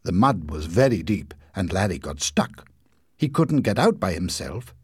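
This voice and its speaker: A man reads a story aloud with a husky, slightly low voice. His pitch rises and falls very freely as he tells it. The sound is dry and close. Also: normal speed, no echo. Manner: expressive, lively storytelling. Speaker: narrator. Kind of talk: storybook reading.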